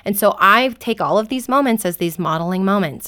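Woman, middle-aged, medium pitch, earnest, animated, radio interview guest. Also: a little fast, clean tone. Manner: earnest, animated, acts out gentle parent lines. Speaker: guest, parenting author.

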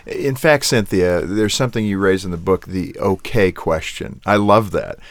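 Very deep-voiced male co-host. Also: moderate pace, dry recording. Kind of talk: radio interview.

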